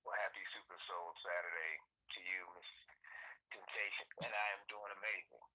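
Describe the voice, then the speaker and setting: A man's voice: low-pitched, little pitch movement, fairly quick, bright, forceful tone. A male actor as a guest on a phone line, gracious and thankful as he speaks. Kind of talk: interview over the phone.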